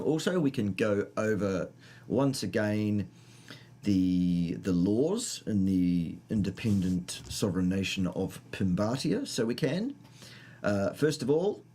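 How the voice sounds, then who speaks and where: Low-voiced New Zealand man hosting a livestream. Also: expressive, a little slow, warm tone. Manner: rambling, jokey, greets viewers by name. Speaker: livestream host. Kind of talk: casual livestream chat.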